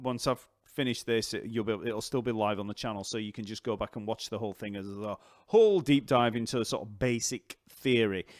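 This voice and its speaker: A man teaching bass on a live stream, chatting loosely with many fillers and restarts, his voice going croaky. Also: dry recording, clean studio sound.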